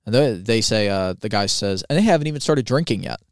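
A man's voice: fairly low pitch, animated, quick pace, smooth, no echo, studio quality. A man co-hosting a podcast, talking in a casual, blunt and argumentative way, with plenty of swearing. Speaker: podcast co-host. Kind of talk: casual chat.

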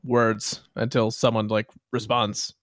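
A man co-hosting a podcast in casual chat, bantering with deadpan jokes. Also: on the low side, a little slow, no echo, clean studio sound. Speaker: podcast co-host.

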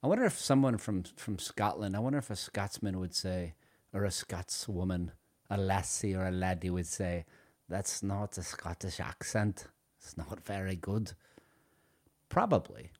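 A male radio host with a slightly low voice reads sponsor spots and jokes around with listeners. He is playful and self-mocking and breaks into sudden loud bursts. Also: no echo, clean studio sound. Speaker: food radio show host. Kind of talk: radio show host reading ads and joking.

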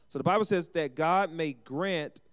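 A male pastor delivering a sermon in a smooth, resonant voice that sits a little high. He calls on the congregation for amens and slips into quick acted quotes of everyday people. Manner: call-and-response preaching with acted asides.

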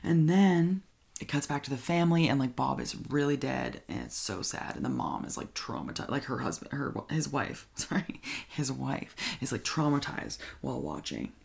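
A woman's voice: a bass voice, animated, moderate pace, vocal fry, a little mellow. A young woman casually recapping a horror film, gushing with constant "like" and "oh my God" and often dropping into a whisper. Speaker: movie recap vlogger.

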